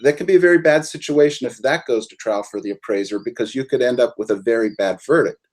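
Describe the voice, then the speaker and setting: A male attorney guest on a webinar with a mid-range voice. He talks in a measured way, laying out legal outcomes step by step in plain conversation. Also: mid-range voice, a little mellow.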